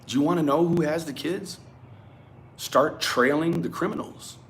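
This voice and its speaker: A man giving a profane, animated rant to his viewers. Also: a little high, moderate pace, a little hiss or hum. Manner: animated, swearing, talks straight at viewers. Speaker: commentary vlogger. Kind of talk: profane ranting commentary.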